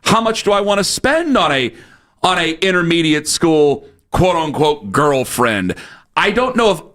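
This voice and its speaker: A man's voice: fairly high pitch, very animated, measured pace, fairly bright tone. A man hosting a sports radio show, telling a rambling story in casual banter with lots of fillers. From Ohio, USA.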